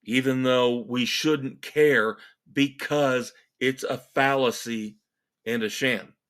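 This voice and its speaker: A man hosts a solo rock podcast and rants about the networks. He speaks slowly and lets the words drag. His tone is sarcastic and exasperated, and he leans hard on every point. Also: medium pitch, fairly even intonation, fairly bright tone. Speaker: podcast host. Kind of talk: opinionated solo rant.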